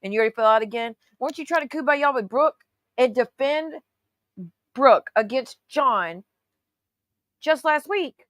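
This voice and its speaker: A woman's voice: high-pitched, animated, moderate pace, pauses often, no room sound. A woman hosting her own channel, giving sarcastic, profanity-laced casual commentary on clips. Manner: sarcastic, profane, calls people honey. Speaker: YouTube host reacting to clips.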